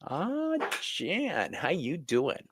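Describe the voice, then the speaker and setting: A man's voice: fairly high pitch, huge pitch swings, extremely slow, fairly bright tone, husky, low-quality recording. A middle-aged man who reads tarot, hosting a casual livestream class and rambling chattily while greeting viewers by name.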